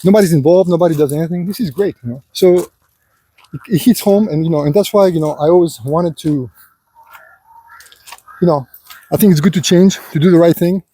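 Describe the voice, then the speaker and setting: A man with a fairly high voice delivers a loose, rambling monologue, circling back with constant filler phrases. His tone is mellow and a little husky, and he slips into a preachy, lecturing manner, addressing the listener as "son". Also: fairly quick, long pauses. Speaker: vlogger. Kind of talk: unscripted personal monologue.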